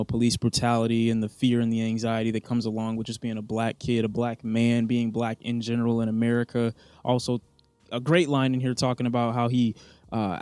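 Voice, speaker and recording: A man's voice: mid-range voice, no room sound. Guy doing a casual song review, blunt and jokey, swears a lot, dry close sound. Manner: blunt, joking, swears freely, animated bursts. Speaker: music reviewer. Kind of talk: casual music review vlog.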